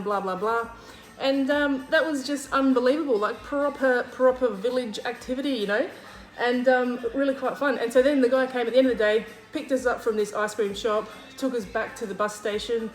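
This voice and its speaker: A woman's voice: medium pitch, moderate pace, echoey room, soft background music, rough recording. An Australian woman hosting a cooking video, telling a story casually with lots of fillers and acted-out quotes. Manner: chatty, lots of fillers, acts out quoted lines.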